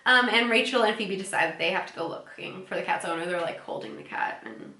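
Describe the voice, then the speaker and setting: A woman's voice: medium pitch, quick pace, bright, forceful tone. A woman casually recapping episodes as a podcast co-host, chatty and giggly, often acting out quoted lines. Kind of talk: casual chat. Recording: echoey room.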